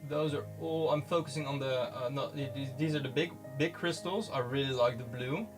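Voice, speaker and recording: A man casually commenting in his studio as he looks at his handmade pigments, halting and restarting often. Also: medium pitch, music in the background. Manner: rambling, halting, many restarts. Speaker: pigment maker filming his studio work. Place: home studio.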